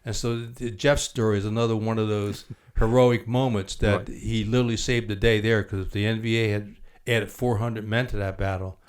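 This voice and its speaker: A man's voice: fairly low pitch, steady tone, normal speed, hardly any pauses. An older man hosting an interview, affably prompting his guest with follow-up questions and added detail. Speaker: podcast host.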